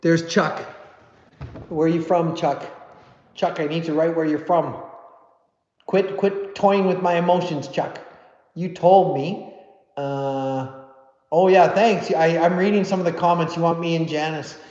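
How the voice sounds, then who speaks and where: A chatty man hosting a live stream, reading out viewer comments with easy self-deprecating humor. His voice sits a little high and comes through dull and muffled. The room around him echoes with a long, lingering reverb. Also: fairly even intonation, a little slow, pauses often, a little mellow. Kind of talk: casual live stream chat.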